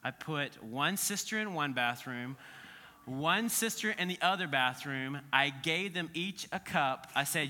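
A man co-hosting a podcast, teaching scripture in a casual, animated storytelling way and acting out quoted voices. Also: fairly high pitch, measured pace, in a large hall.

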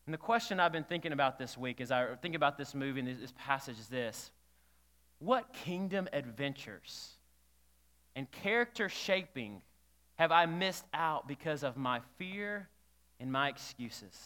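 A man's voice: on the high side, sing-song, a little slow, pushed and bright. A man preaching a sermon as a pastor, talking conversationally and putting questions to the congregation. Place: church hall. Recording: reverberant church hall.

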